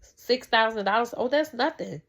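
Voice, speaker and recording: A woman's voice: a little high, moderate pace, gravelly, fairly bright tone. A woman vlogger talking casually about faith and family, rambling and heartfelt, with many restarts. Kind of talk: casual faith talk to camera.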